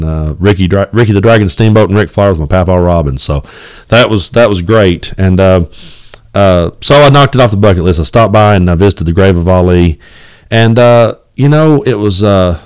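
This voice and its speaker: A deep-voiced man in his forties with an East Tennessee drawl, talking into a home mic at his kitchen table. He rambles along in a folksy way and cusses freely. The sound is close and dry. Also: moderate pace, darkish tone, clear, resonant tone, no room sound. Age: 40s. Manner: rambling and folksy, with many fillers and cussing. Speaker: podcast host. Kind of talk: casual solo podcast monologue. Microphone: home recording setup.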